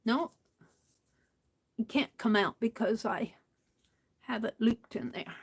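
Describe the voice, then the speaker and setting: Slow, soft-spoken woman stitching. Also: fairly high pitch, slightly rough, poor audio. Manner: soft-spoken, drifts into whispers; talks to herself while working. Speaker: crafting livestream host. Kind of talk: casual chat while stitching.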